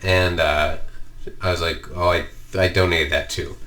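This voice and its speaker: A man's voice: low-pitched, fairly even intonation, a little slow, bright, forceful tone. A man co-hosting a podcast, telling a rambling story with lots of swearing and fillers. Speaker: podcast co-host. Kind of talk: casual chat, storytelling.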